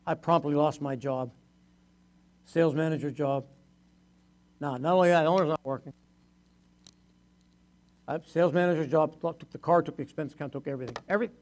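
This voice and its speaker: A man's voice: a little high, brisk, pauses often, darkish tone. An older man preaching to his church, telling personal stories in a chatty way, laughing often and acting out the voices of people he quotes. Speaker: pastor. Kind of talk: storytelling sermon testimony.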